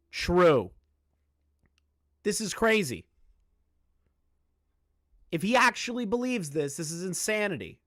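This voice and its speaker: A man's voice: high-pitched, a bit bright, no echo, studio quality. A man giving live-stream commentary on online drama, blunt and emphatic, swearing now and then.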